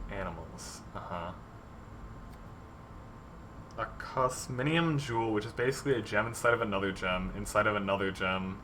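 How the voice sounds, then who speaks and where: A man's voice: on the low side, bright, forceful tone, slight background noise. A man designing tabletop game monsters on a livestream, chatting casually with many fillers and reading viewer ideas aloud. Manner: rambling, many ums, reads viewer submissions aloud. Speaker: dungeon master streamer.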